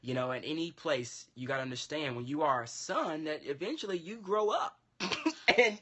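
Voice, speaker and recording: Animated man telling a story. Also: on the high side, unhurried, slightly rough. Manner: animated, acts out quoted dialogue. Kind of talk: casual storytelling.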